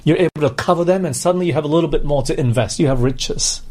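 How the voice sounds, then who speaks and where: A man's voice: fairly high pitch, fast talker, darkish tone. A man preaching a sermon, earnestly putting questions to his congregation.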